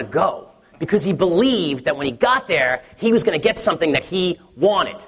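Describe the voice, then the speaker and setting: A man's voice: fairly high pitch, sing-song, normal speed, few pauses, a bit bright, in a large hall. A man, a pastor in his thirties, preaching a sermon in a conversational, story-telling way with many restarts.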